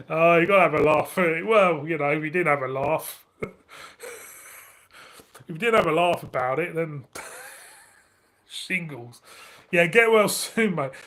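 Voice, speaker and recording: Northern English man in middle age, loose chatty live-stream host, laughs a lot, curses casually, voice sits a bit high. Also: slow, pauses often, a bit bright. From northern England. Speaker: beer review channel host.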